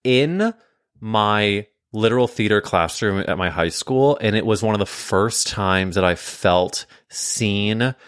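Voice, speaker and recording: A man hosting a podcast, chatting casually in a playful, animated way and laughing often. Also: lowish voice, takes it slowly, clear, resonant tone, no echo, studio quality. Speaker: podcast host. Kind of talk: casual chat.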